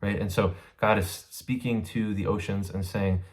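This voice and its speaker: A man's voice: lowish voice, fairly even intonation, normal speed, hardly any pauses. A man giving a casual, conversational Bible study lesson, often checking in with his listeners as he explains a passage. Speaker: Bible teacher.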